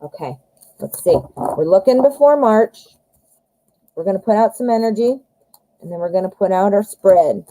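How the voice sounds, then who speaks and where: Chatty mellow-voiced woman reading tarot live. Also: mid-range voice, expressive, normal speed, pauses often, dry recording, low-quality recording. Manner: chatty, addresses viewers directly with fillers and asides. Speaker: tarot reader.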